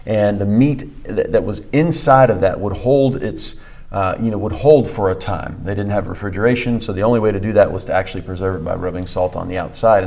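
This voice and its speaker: Man, church podcast co-host, conversational teaching, emphatic repetition, fillers, lowish voice. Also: darkish tone. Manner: emphatic, repeats key phrases, frequent fillers.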